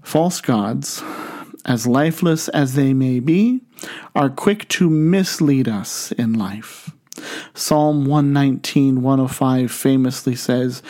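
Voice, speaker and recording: A man preaching a sermon, reading scripture in a measured, deliberate way. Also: mid-range voice, mellow. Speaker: pastor.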